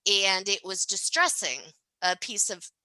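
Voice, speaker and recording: A woman's voice: mid-range voice, expressive, a little slow, pushed and bright, no echo, poor audio. A woman speaking as a podcast guest, telling stories casually and animatedly, often tagging sentences with "right?" and laughing. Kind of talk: casual conversational storytelling.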